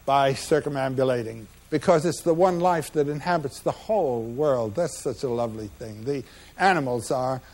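Reflective man lecturing in a higher voice. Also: darkish tone. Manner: measured, reflective, with frequent pauses and "uh" fillers. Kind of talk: lecture describing slides.

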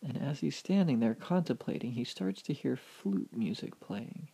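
Gravelly man telling an animated story. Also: medium pitch, unhurried. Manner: animated, vivid narration. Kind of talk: oral storytelling.

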